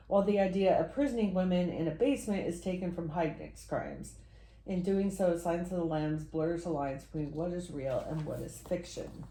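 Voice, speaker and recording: A woman's voice: lowish voice, dark tone. Woman podcast host, roomy room sound. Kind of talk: casual chat and reading notes. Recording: roomy echo.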